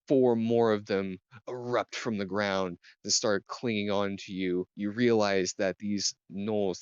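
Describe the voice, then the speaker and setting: A very low-voiced man leads a tabletop game, describing a dream scene slowly, with many pauses and fillers. His voice is dry and close to the mic. It comes through a dull, muffled online voice chat. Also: no echo. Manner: slow and halting, many fillers. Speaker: game master.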